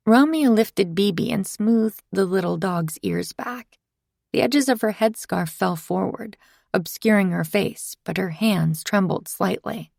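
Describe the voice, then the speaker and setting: A woman reading a first-person thriller in steady, scripted narration. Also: mid-range voice, measured pace, creaky, no room sound, clean studio sound. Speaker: audiobook narrator.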